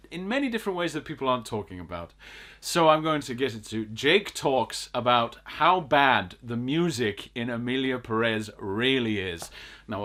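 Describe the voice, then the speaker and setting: A man's voice: medium pitch, fairly bright tone. Ranting man reviewing films. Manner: ranting, exasperated, emphatic repetition. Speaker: film review podcast host. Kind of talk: casual film review chat.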